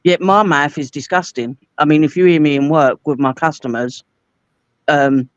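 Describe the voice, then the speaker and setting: A woman's voice: low voice, moderate pace, no room sound. Cockney lady, 40s, yakking away with anecdotes, muffled dry lo-fi sound. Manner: chatty anecdotal storyteller. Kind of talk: casual chat.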